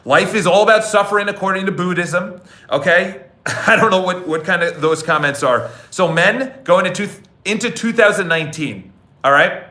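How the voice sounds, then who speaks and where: A man hosts a podcast with a high, bright voice, lecturing bluntly and preachily. He repeats words and keeps asking "okay?" to drive his points home. The room around him sounds echoey. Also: moderate pace. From New York City. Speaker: podcast host. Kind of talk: casual motivational monologue.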